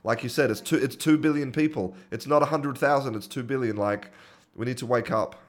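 A man hosting an interview, enthusiastic but halting, with many restarts. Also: mid-range voice. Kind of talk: conversational interview.

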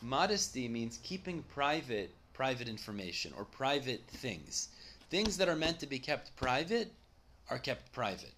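Man of ordinary pitch teaching Talmud; reads the text, then explains. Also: a little slow, a little hiss or hum. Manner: reads Aramaic lines then explains in English, lively. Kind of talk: Talmud study lesson.

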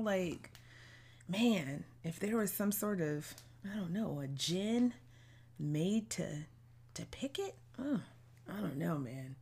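A woman hosts her own podcast, talking casually and bluntly on her own in slangy, outspoken speech. Her voice sits a little low and has a gravelly fry to it. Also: lively intonation, slow pace, a little mellow. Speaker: podcast host. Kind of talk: casual solo podcast monologue.

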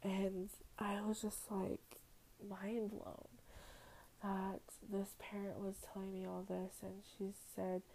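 A woman's voice: mid-range voice, monotone, vocal fry, dark tone, slight background noise, rough recording. A young woman, a before and after care teacher, talking emotionally and reflectively on a podcast, close to tears. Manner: heartfelt, emotional, slow and reflective. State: tearful, near crying. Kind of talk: personal podcast talk.

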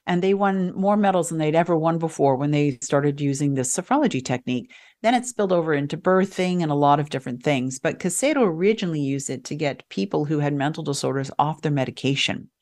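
A woman being interviewed as a guest coach on a radio show, talking in an animated, emphatic way and often restarting her sentences. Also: sits low, fast. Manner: animated, emphatic, self-correcting. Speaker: guest, resilience coach and sophrologist. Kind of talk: conversational interview. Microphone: radio show microphone.

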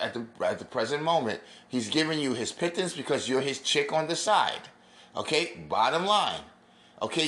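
A man's voice: fairly high pitch, pushed and bright, echoey room. A man giving a scornful, preachy rant as he reacts to clips for his viewers. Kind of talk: ranting video commentary.

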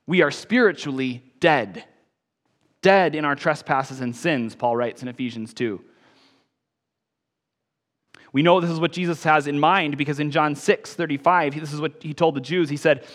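A man preaching a sermon as pastor, emphatic, rising on key phrases and then dropping soft. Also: fairly high pitch, normal speed, long pauses, long reverb tail.

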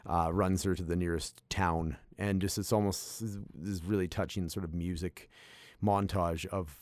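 A man's voice: sits low, a little mellow, dry recording, studio quality. A young man, hosting a casual movie review chat, rambling with many fillers and restarts. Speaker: movie review podcast host.

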